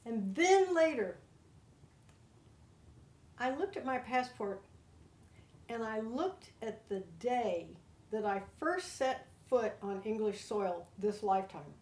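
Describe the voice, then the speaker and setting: An older American woman, a guest, telling her own story with heartfelt, animated feeling. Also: a little high, slow, pauses often. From United States. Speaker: interview guest. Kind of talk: personal storytelling. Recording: roomy echo.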